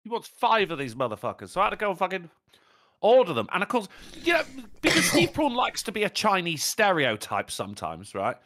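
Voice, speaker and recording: A British man in casual conversation, telling rambling stories full of swearing and laughter. His pitch swoops very widely from line to line, with plenty of bounce. He sounds like a relaxed show co-host. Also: a little fast. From Britain. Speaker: podcast co-host. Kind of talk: casual chat.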